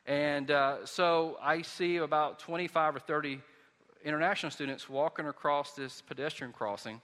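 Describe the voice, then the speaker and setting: Southern pastor, conversational storyteller, bright forceful tone, long church reverb. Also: male voice, a little high, fairly even intonation, moderate pace. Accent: Southern American. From Southern United States. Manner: conversational storytelling with many restarts. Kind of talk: sermon.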